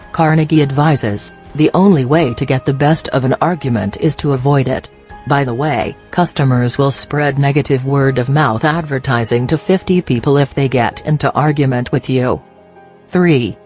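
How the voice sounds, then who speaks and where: A narrator giving scripted, instructive narration for a customer-service training video. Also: medium pitch. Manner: steady, instructive reading.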